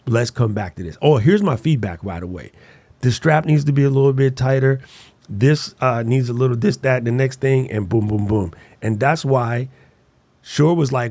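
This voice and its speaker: A man co-hosting a podcast in casual chat, slangy and playful, even making sound effects with his mouth. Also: medium pitch, brisk, dry recording. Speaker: podcast co-host.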